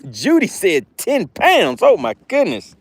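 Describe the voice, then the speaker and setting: A man's voice: high voice, wildly swooping pitch, a little slow, breathy edge, no echo. A man with a Southern accent hosting a fishing livestream, chatting upbeat with viewers and reading out their comments. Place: outdoors fishing.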